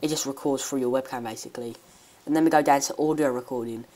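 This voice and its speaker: A woman giving a rambling, hesitant software tutorial with many restarts. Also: rumbling low, fairly even intonation, fast talker. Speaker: tech YouTuber. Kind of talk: screen-recording software tutorial.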